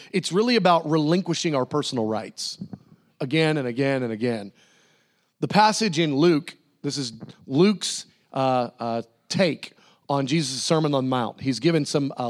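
High-voiced, animated man preaching. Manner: animated, swings between high excited bursts and low earnest tones; jokey, laughs often. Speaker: pastor. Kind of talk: sermon.

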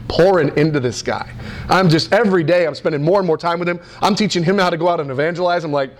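A middle-aged American man preaching, telling a story with lots of fillers and restarts in an animated, excitable way. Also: a little high, fast. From United States. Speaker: pastor. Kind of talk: sermon storytelling.

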